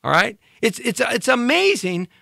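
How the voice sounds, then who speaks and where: Animated high-voiced man hosting a monologue. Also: normal speed, vocal fry, dry recording, studio quality. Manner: emphatic, rhetorical, repeats questions. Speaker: show host. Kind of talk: opinion monologue.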